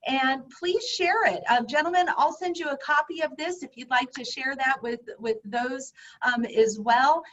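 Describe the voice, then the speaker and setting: A woman's voice: high-pitched, a bit bright, highs cut off. A woman hosting a podcast interview, effusive and encouraging, praising her guests often. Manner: effusive, encouraging, lots of "I love it". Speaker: podcast host.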